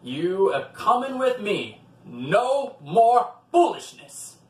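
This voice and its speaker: A man voicing a furious, blustering male devil who shouts threats. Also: a little high, measured pace. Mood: menacing. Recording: roomy, from a distant mic.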